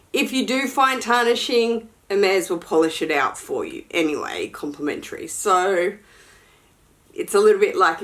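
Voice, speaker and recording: A woman luxury fashion vlogger chatting casually and frankly to camera during an unboxing, with sassy asides. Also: mid-range voice.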